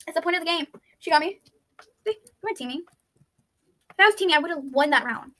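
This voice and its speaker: A woman giving excitable, chatty gameplay commentary, thinking aloud and pleading loudly when things go wrong. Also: very high-pitched, fast. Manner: thinks aloud, with frequent "let's see" and "I don't understand". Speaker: YouTuber playing an online game.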